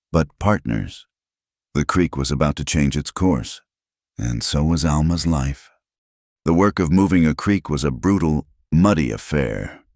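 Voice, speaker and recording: Man, narrator, extremely deep voice, measured scripted storytelling, dry close recording. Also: darkish tone, no room sound.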